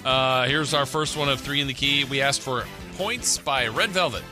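A man co-hosting a sports radio show, calmly recapping predictions in casual banter. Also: medium pitch, normal speed, over music. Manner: steady, recaps predictions methodically. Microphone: studio radio mic.

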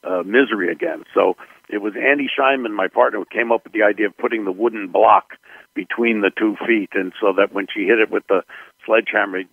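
An older man, a film director, telling stories about his films in an interview, unhurried and full of fillers. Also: lowish voice, no echo, phone-quality sound. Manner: gravelly, unhurried storytelling with fillers. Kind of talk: interview recollections.

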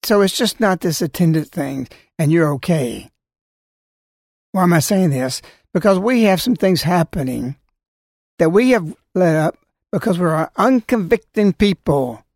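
A man's voice: high-pitched, lively intonation, unhurried, darkish tone, dry recording, clean studio sound. A man giving a scolding religious talk, full of rhetorical questions and warnings. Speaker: religious speaker. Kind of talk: preaching talk.

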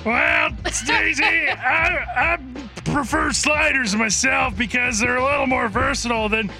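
A man putting on a high, cartoonish impression of a football star, strained and squeaky. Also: measured pace, music in the background. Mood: playful.

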